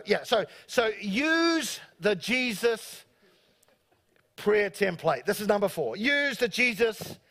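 A man with a New Zealand accent preaching a lively sermon to his church, joking and acting out voices. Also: high voice. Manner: animated, joking, acts out quoted voices. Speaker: pastor. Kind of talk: live sermon. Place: church service before a congregation.

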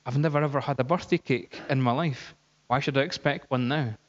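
A man voicing a shy young woman who speaks quietly and wistfully in his own voice. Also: mid-range voice, fairly quick, natural voice. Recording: dull, echoey hall.

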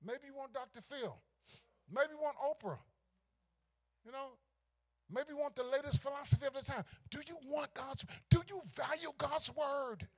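A pastor preaching a sermon, swinging from hushed asides to shouted climaxes. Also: male voice, very high-pitched, normal speed.

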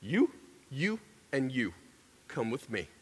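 A man voicing a stern, no-nonsense female assistant principal within a sermon story, low and quiet. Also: huge pitch swings, takes it slowly, husky, long reverb tail, full character voice.

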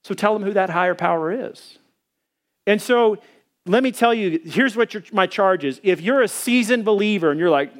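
Middle-aged pastor guy preaching, chatty storyteller, lots of uh's, pretty high voice. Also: normal speed. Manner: conversational storytelling, hesitant fillers; acts out quoted voices in a higher pitch. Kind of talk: sermon.

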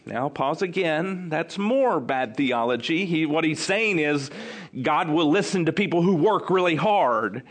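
A man's voice: on the high side, lively intonation, unhurried. A man preaching an expository sermon in a conversational way, repeating key phrases for emphasis.

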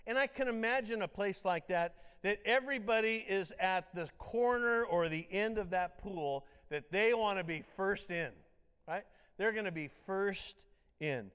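A man's voice: high voice, measured pace, a bit bright, smooth. A man preaching a sermon as pastor, talking conversationally and tossing out rhetorical questions. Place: church sanctuary. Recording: reverberant church hall.

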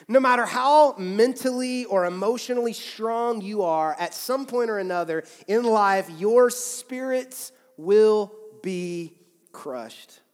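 A man's voice: sits high, long reverb tail. A man in his thirties, a pastor, preaching a sermon in a candid, conversational way, often restarting his phrases. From United States. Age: 30s. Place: church sanctuary with long reverb.

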